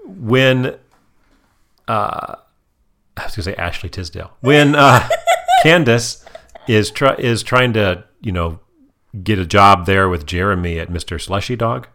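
A man's voice: lowish voice, expressive, measured pace, pauses often, fairly bright tone. A man co-hosting a casual chat, recapping cartoon scenes in a playful way and acting out quotes. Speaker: podcast co-host reviewing cartoon episodes.

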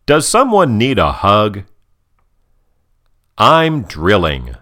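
A man's voice: on the low side, huge pitch swings, very slow, pushed and bright, exaggerated voice. A man doing a cheery robot suburban dad. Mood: chipper.

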